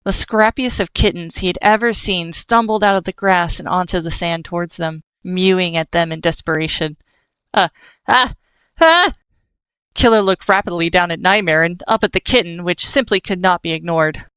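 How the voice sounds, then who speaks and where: A woman reading an audiobook in a steady storytelling manner. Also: lowish voice, a little fast, hardly any pauses, clear, resonant tone, no echo. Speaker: audiobook narrator. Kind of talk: scripted audiobook narration.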